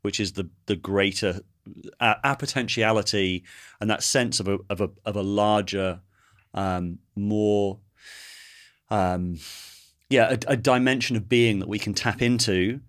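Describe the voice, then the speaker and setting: Thoughtful male host, low voice. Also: steady tone, unhurried, a bit bright, dry recording, clean studio sound. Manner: thoughtful, searching for words. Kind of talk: casual conversational interview.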